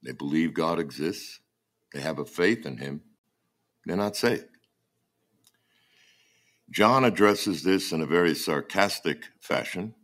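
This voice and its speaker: Deep-voiced man preaching a sermon. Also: a bit bright. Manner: halting, repeats words as he searches. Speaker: pastor.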